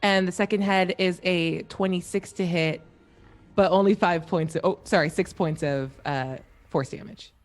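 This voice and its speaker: A woman's voice: lowish voice, normal speed. A woman playing a tabletop game, calling out her attacks and rolls in an upbeat, playful way. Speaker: player.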